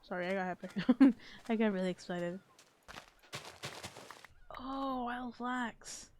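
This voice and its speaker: A woman streaming a block-building game late at night, chatting casually and swearing while keeping her slightly high voice down. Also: takes it slowly, darkish tone, slight background noise. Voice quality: slightly high, a little strange voice. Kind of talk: casual live-stream gameplay chat.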